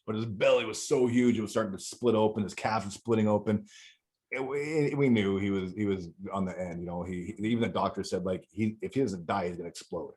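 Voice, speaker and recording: Low-voiced man, frank and rambling. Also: brisk, darkish tone. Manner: rambling, profane, frequent restarts. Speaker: podcast guest. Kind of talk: candid emotional storytelling.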